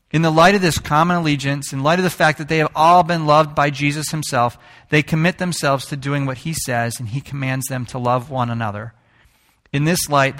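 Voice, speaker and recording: A man's voice: on the high side, fairly bright tone. A man preaching a conversational sermon to his congregation as pastor. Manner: conversational, with playful put-on greetings.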